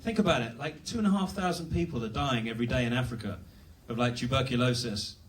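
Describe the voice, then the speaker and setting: A man's voice: mid-range voice, fast talker, recorded from a distance. A young British man doing a rambling, self-deprecating stand-up set at a comedy club. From Britain.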